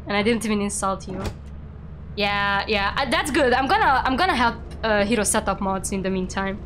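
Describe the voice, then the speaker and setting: A young woman hosting a casual game stream, playful and teasing, quick to exclaim. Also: on the high side, a bit bright, slight background noise. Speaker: streamer and VTuber host.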